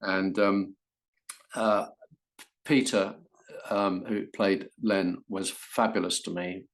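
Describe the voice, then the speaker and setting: Older English actor, interview guest, animated storyteller, low voice. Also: male voice, takes it slowly. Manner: animated storytelling with many restarts. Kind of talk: anecdotal interview.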